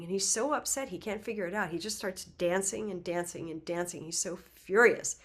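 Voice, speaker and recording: A woman's voice: medium pitch, fairly quick, few pauses. Chatty woman telling a sacred myth. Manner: lively, conversational, with laughs and asides. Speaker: spiritual teacher. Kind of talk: casual storytelling lecture.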